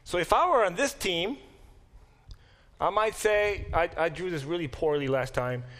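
A man teaching a Bible class as a professor, talking in an animated, self-deprecating way in a classroom, often restarting and adding asides. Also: sits high, normal speed. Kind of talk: classroom lecture.

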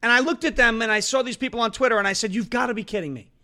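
Loud fast-ranting male political host. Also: very high-pitched. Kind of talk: political commentary show.

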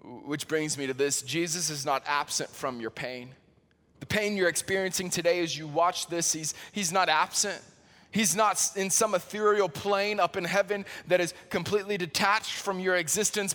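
Man preaching with hushed, dramatic swings. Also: long reverb tail. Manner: swings from loud pleading highs to hushed near-whispers; slow, deliberate emphasis on key words. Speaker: pastor. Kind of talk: sermon.

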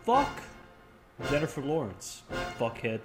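A man's voice: medium pitch, wildly swooping pitch, slow pace, over music. A man from South Florida co-hosting a podcast, ranting with heavy profanity in crude comedic banter. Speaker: podcast co-host.

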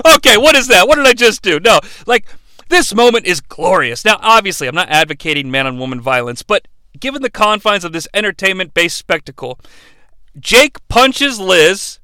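Excitable male comedic podcast host: bright, smooth voice, swearing, loud bursts and quick asides. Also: high-pitched, no room sound. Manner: excitable, swings between loud outbursts and fast asides, swears freely. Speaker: podcast host reviewing wrestling. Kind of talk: comedic recap narration.

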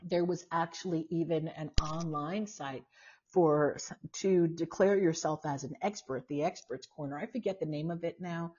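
A husky older woman talks in a low, conversational voice and muses aloud with lots of fillers and asides. She hosts a casual live-stream, and the sound is muffled and lo-fi. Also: darkish tone. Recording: dull lo-fi sound.

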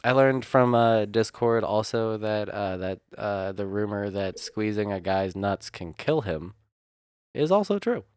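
A man's voice: fairly low pitch, animated, unhurried, darkish tone, smooth, no echo, studio quality. A man co-hosting a podcast in casual chat, crude and joking, laughing often. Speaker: podcast co-host.

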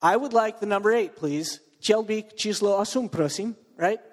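A man's voice: high voice, normal speed, in a large hall. A man preaching a sermon to his church, telling a story with lots of fillers and asides. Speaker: pastor.

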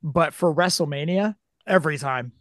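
A man with a raspy voice roughened by a cold, chatting easily on a podcast. His voice is fairly high for a man. The sound is dry and close, with no room echo. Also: normal speed, a bit bright. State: sick with a cold. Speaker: podcast co-host. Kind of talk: casual chat.

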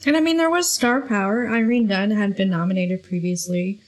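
A woman co-hosting a casual film podcast, offering background facts in a measured way. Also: medium pitch. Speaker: podcast co-host. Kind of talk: casual chat.

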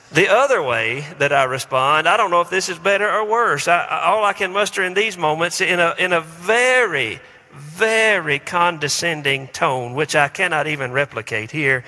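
A pastor preaches conversationally, trading rhetorical questions and self-deprecating jokes. His voice sits a bit high and sounds bright and forceful. It rings with a long reverb in a church hall. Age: 40s. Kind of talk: sermon. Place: church sanctuary.

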